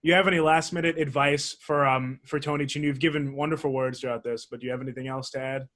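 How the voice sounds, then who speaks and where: A man's voice: mid-range voice, steady tone, fast, a bit bright. A man hosting an interview, laughing easily and asking casual questions. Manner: laughs easily, short asides. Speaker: interview host.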